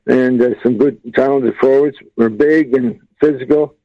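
Man, junior hockey coach, matter-of-fact, filler pauses, dull lo-fi line. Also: medium pitch, steady tone, no room sound. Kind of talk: casual interview.

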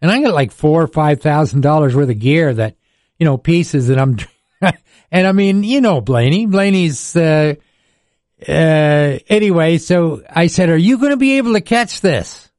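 A man's voice: a little high, a little slow, darkish tone, dry recording, clean studio sound. An older man, a radio sports broadcaster telling rambling stories in casual chat, chuckling often.

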